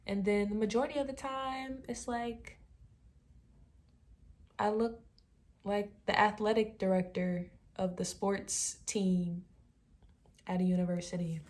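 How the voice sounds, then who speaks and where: A young woman in her twenties chats to camera at an unhurried, easy pace. Her voice sits at a middle pitch. Her delivery is relaxed and conversational, and she often drops into soft, trailing asides. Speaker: vlogger. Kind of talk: casual talking-to-camera commentary.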